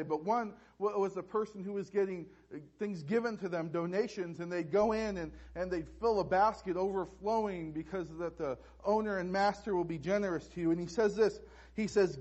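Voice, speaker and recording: A man preaching a sermon as pastor, halting and restarting with repeated words. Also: high voice, a little mellow, muffled recording.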